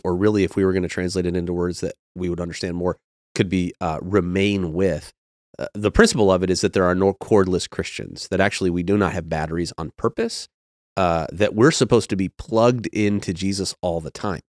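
Deep-voiced man, pastor on a podcast. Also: fairly quick, darkish tone, no room sound, studio quality. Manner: earnest and reflective, explaining with everyday metaphors. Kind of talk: casual podcast conversation.

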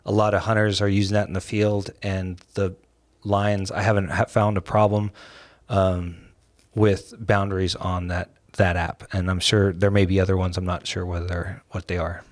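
A man who works as a game warden, answering interview questions in a measured, deliberate way. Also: deep voice, level tone, dry recording.

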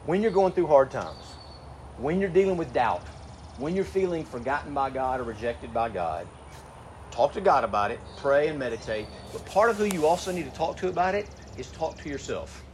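A middle-aged man preaching a sermon in a conversational way, asking rhetorical questions and slowing down to read scripture. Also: on the high side, lively intonation, a little hiss or hum. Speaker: pastor. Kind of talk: sermon to graduating seniors.

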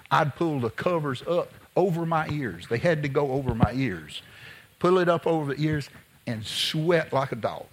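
A man preaching a sermon in a folksy, conversational way, mixing scripture with childhood stories and sometimes dropping to a hush. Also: medium pitch. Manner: folksy, conversational, drops to a hush when telling a story. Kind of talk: sermon with personal storytelling.

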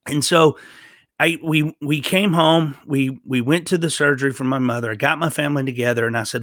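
A man's voice: medium pitch, steady tone, fairly quick, a bit bright, no room sound, studio quality. A man sharing a personal faith testimony in an earnest storytelling way, often restarting his sentences. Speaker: guest.

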